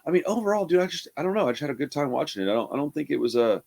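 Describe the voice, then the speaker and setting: A man's voice: on the high side, sing-song, very fast, creaky, a little mellow. Laid-back man rambling a movie review. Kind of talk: casual spoken movie review.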